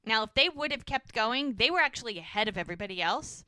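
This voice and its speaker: A woman's voice: on the high side, expressive, quick pace, pushed and bright, dry recording. A woman podcast co-host chattily recapping a TV episode, full of "like" and "he's like". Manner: chatty storytelling, frequent "like" and "he's like".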